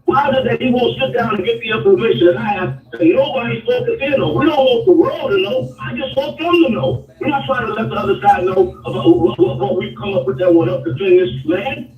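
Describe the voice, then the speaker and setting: Brief: heated, profane male guest, very high voice, distant echoey muffled audio, crowd noise behind. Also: animated, brisk. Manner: profane, insistent, repetitive. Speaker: interview guest. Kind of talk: heated rant.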